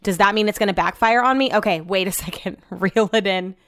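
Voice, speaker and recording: A woman's voice: medium pitch, a little fast, fairly bright tone, no echo, studio quality. A young woman from the United States talking casually to her viewers, rambling and chatty with lots of filler words and casual swearing. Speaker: vlogger.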